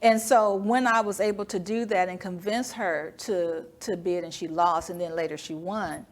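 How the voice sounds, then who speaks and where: A woman guest in a business interview, telling lively stories and acting out the dialogue. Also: fairly low pitch, normal speed. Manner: animated storyteller, acts out dialogue, laughs often. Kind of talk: storytelling interview talk. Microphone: studio microphone.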